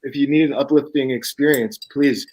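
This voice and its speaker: A man's voice: mid-range voice, steady tone, brisk, noisy background. A man telling a raw personal story on a casual talk show, swearing often, laughing, and acting out the other people in it. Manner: profane, laughing, acts out quoted voices. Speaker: guest author.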